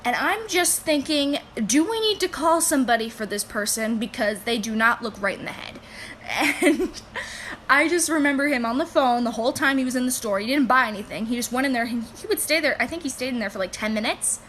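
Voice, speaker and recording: A woman who works in a toy store, casually telling funny customer stories to camera, animated and laughing as she goes. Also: high-pitched, fairly quick, slight background noise. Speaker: retail store employee.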